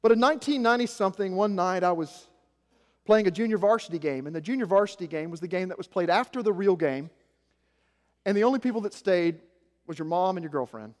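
Pastor guy from arkansas, 40s, self-deprecating stories, high-ish voice, church echo. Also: fast talker. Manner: storytelling, self-mocking, swings from soft asides to loud emphasis. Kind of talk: sermon. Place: church sanctuary. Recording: echoey hall.

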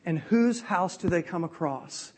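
Lively high-voiced man preaching. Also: a little slow. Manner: lively, conversational, checks in with the audience. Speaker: preacher teaching a Bible lesson. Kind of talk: animated sermon storytelling.

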